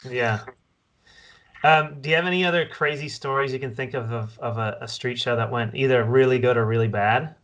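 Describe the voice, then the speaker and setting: A man's voice: mid-range voice, fairly quick, a bit bright. A man hosting a podcast, asking short, encouraging questions. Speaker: podcast host. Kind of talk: interview questions.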